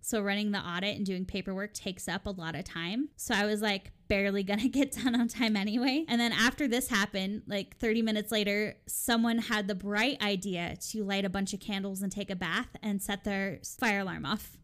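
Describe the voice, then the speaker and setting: A woman in casual chat telling an animated story about a hotel night shift, acting out what each person said. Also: medium pitch, fairly quick, few pauses.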